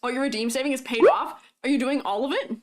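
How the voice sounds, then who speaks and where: A woman's voice: sits high, quick pace. A woman livestreaming as a 3D artist, chatting casually and giggling often while reading messages from her viewers. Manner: giggly, chatty, reads chat aloud; talks while eating. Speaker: streamer and 3D artist.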